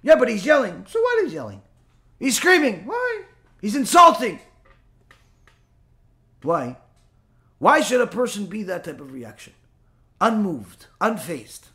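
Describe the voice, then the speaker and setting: A man teaches a spoken religious lesson in an animated style, full of rhetorical questions and mock back-and-forth dialogue. His voice is high, a little slow, and he pauses often.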